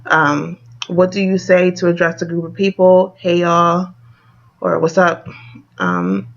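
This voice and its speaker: A woman's voice: lowish voice, expressive, slow pace, gravelly, lo-fi sound. A young woman from Delaware with a northern Delaware accent, chatting casually in a vlog and reading a word list with giggles and lots of "like" and "um". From Wilmington, Delaware, USA. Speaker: vlogger.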